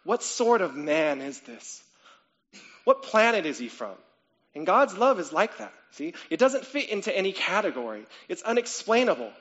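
A male pastor delivers a sermon in an easy, conversational way, peppering it with "okay?" and "right?". His voice sits a little high and climbs when he asks questions. The recording is muffled and lo-fi. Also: moderate pace. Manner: conversational, frequent "okay?" and "right?" check-ins; animated, rising to excited questions.

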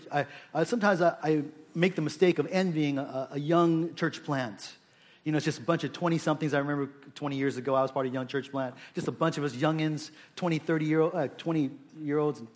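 Male pastor, 40s, earnest sermon delivery, halting with frequent restarts. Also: fairly high pitch. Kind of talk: prayer and sermon.

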